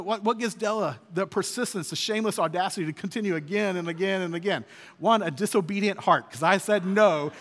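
A man's voice: a little high, fairly bright tone. A man in his thirties preaching an earnest, conversational sermon as a pastor. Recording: long hall reverb.

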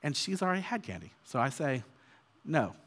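A man's voice: on the high side, very animated, fast, a bit bright. A man in his thirties preaching an earnest, conversational sermon as a pastor. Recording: long hall reverb.

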